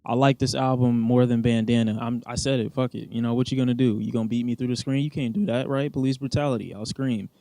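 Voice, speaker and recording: A man reviewing songs casually, with blunt opinions, jokes and swearing, and loud animated bursts. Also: medium pitch, fast, few pauses, no echo. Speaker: music reviewer. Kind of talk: casual music review vlog.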